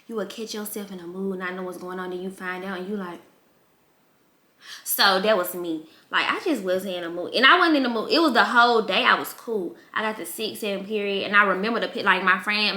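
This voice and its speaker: Candid young woman in an echoey room. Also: medium pitch. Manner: candid, emotional, animated quoting of relatives. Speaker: vlogger. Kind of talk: casual storytelling.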